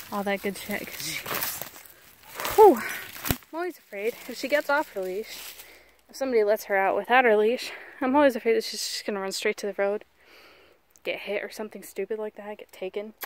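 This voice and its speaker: A Southern American vlogger walks her dog through rural woods, chatting casually and coaxing the dog in baby talk. Her medium-pitched voice moves fairly quickly but leaves long pauses.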